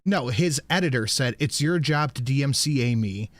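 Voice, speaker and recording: A man's voice: medium pitch, expressive, moderate pace, a bit bright. A man hosting a live stream, talking casually with a sardonic, profane, mocking manner. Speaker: stream show host.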